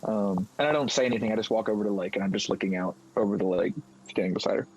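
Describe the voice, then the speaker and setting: A man playing a tabletop game, calmly describing his character's slow movements. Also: on the low side, husky, poor audio. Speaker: player.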